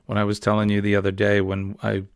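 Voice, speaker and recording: A man's voice: on the low side, completely flat delivery, fast, clean tone, dry recording. A man with a New England accent hosting a casual, rambling morning livestream chat. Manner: chatty, rambling, easygoing. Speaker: livestream host.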